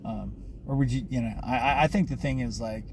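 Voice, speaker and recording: A man's voice: mid-range voice, fairly even intonation, a little fast, noisy background. A man talking to camera in a rambling personal monologue, full of fillers and restarts, swearing often.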